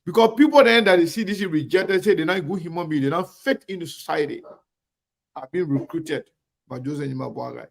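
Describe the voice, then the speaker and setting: A man's voice: fairly high pitch, fairly quick, gravelly. A man hosting an online talk show, greeting viewers by name and speaking emphatically and directly to his audience. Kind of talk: live show shout-outs and commentary.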